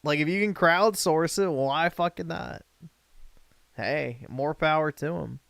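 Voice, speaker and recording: A man's voice: fairly high pitch, measured pace, gravelly, fairly bright tone, no room sound. A man livestreaming, reacting to a video with crude, mocking, sweary casual commentary.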